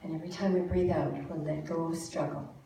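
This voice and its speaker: A woman leading a church congregation through breathing and a song, speaking in gentle, encouraging, unhurried instructions. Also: low-pitched, fairly even intonation, slight background noise. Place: church sanctuary with live audience. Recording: very echoey room, mic far off, music behind.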